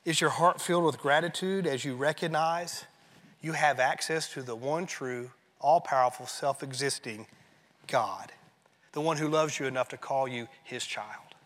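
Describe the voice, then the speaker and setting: A man preaching a sermon as pastor, emphatic and rising, then dropping to a hushed tone on key phrases. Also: medium pitch, moderate pace, big-room sound.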